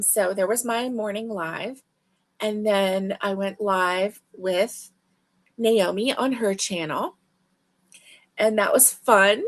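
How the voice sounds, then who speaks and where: Medium in pitch and a little bright, this woman's voice comes through a livestream webcam mic as she hosts a crochet stream. She's yawning and tired, but her casual chatter and greetings to viewers remain friendly.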